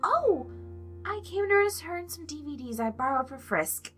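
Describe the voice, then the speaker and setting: A woman reading a fan story aloud, voicing a gentle, motherly female monster who speaks softly and formally. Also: high voice, sing-song, moderate pace, soft background music, voice pushed up. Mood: caring. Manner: soft, formal, motherly concern.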